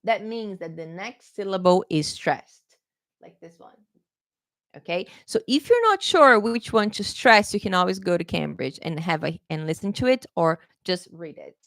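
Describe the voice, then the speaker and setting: A woman's voice: on the low side, animated, moderate pace, dry recording, studio quality. Chatty woman teaching pronunciation live. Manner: chatty, repeats "okay?" often, self-correcting. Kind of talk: live online lesson.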